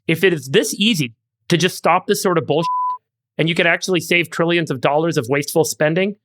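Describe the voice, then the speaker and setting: A man's voice: fairly high pitch, brisk, a bit bright. Earnest, upbeat man on a podcast. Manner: earnest, optimistic. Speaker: podcast co-host. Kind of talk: casual panel chat.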